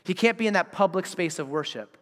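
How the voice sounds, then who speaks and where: Animated male pastor in a reverberant hall. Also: high voice, a little fast. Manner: animated, acts out voices of the people he describes. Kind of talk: sermon.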